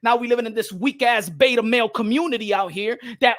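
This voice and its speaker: High-voiced man ranting on a live stream. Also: fast, hardly any pauses, fairly bright tone. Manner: heated ranting, switching between English and Spanish; repeats phrases for emphasis. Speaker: boxing channel host.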